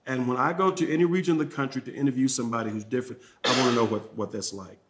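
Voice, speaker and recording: A man with a Southern accent teaches a journalism workshop in a mid-range voice, neither high nor low. He speaks in a halting, unhurried way and restarts his phrases by repeating words. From Mississippi, USA. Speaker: journalism trainer. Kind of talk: workshop talk with audience questions.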